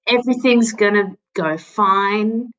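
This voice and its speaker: Slow, hesitant woman player. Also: mid-range voice, a bit bright, lo-fi sound. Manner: hesitant, full of ums and restarts. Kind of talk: casual chat at a game table.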